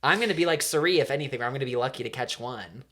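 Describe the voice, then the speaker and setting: A young adult woman co-hosting a podcast in casual chat, jokey and animated, swearing freely. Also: very deep voice, very fast, noisy background. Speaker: podcast co-host.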